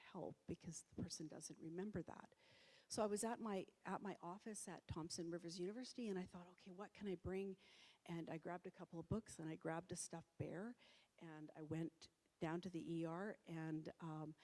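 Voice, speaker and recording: A middle-aged woman presents to an audience in a conversational way, full of ums and restarts. Her voice sits low. The sound carries the long reverb of a church hall. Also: dark tone. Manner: conversational, with many fillers and restarts. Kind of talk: public talk.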